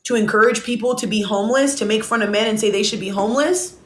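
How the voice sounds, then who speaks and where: A woman vents her frustration straight at her audience in a blunt, indignant reaction rant. Her voice sits somewhat high, and the room around her rings with an echo. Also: fast talker. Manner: blunt and indignant, addresses viewers directly; talks while eating. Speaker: online content creator.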